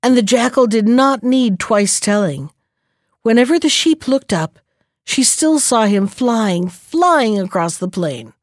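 A woman reading a fairy tale aloud in a gentle, measured storyteller manner. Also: on the high side, expressive, no room sound, studio quality.

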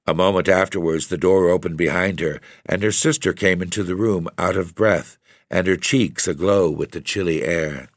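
A man narrating a gothic story with a measured, deliberate reading. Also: deep voice, no room sound, clean studio sound. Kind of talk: scripted narration of a gothic tale.

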